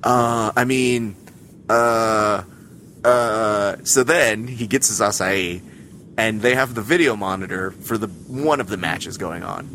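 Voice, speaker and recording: A man's voice: fairly low pitch, moderate pace, pushed and bright, a little hiss or hum. A man chatting casually on a podcast, telling a ranting, comic story with swearing. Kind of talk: casual chat.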